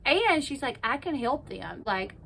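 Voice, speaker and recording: A woman's voice: high voice, big pitch swings, measured pace, creaky, fairly bright tone, a little hiss or hum. A woman hosting her own channel, casually recapping a reality show episode and quoting the people in it with lots of "like" and "you know".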